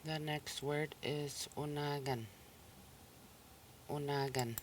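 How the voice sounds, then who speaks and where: This mid-pitched, slow voice belongs to a language teacher on a recorded listening lesson, with a little hiss or hum in the audio. The teacher patiently repeats each word and splits it into syllables, keeping an even, explanatory tone.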